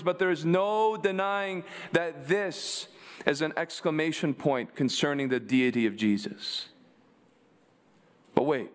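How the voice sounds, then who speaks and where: Emphatic male preacher, slightly high voice. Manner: emphatic, rhetorical questions to the congregation. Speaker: pastor. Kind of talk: sermon.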